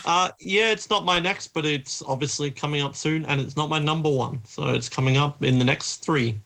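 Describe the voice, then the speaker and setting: A man with an Australian accent co-hosting a podcast in casual, animated chat, with many fillers. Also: a little high, normal speed, vocal fry. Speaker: podcast co-host.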